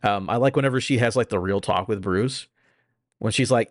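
A man in a casual podcast chat, relaxed and hesitant, with many fillers. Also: lowish voice, a little fast, dry recording, clean studio sound. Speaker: podcast co-host.

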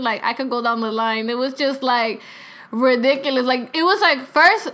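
A young woman in her twenties tells a rambling story, filling it with filler words and curses. Her voice sits high and bright, and she talks in a loose, chatty way. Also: normal speed. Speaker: vlogger. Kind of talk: casual storytime.

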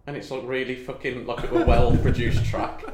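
A man's voice: mid-range voice, level tone, normal speed, over a noisy crowd. A young man co-hosting a podcast in casual chat, rambling, giggling and swearing freely. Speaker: podcast co-host. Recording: echoey room.

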